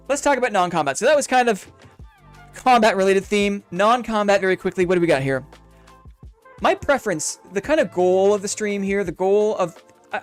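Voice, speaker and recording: A man chatting casually on a live game stream, upbeat and reflective, rambling through his thoughts in a friendly way. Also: high-pitched.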